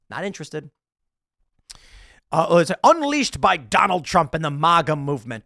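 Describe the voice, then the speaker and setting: A man's voice: high voice, fairly bright tone, no echo, studio quality. A man in his thirties hosting a political commentary show, ranting sarcastically and mocking an article he reads aloud. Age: 30s.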